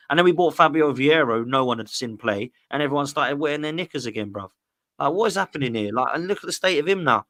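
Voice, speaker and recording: A man's voice: on the high side, lively intonation, quick pace, a bit bright. A man in a casual football chat, ranting with exasperation and slang. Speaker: guest co-host.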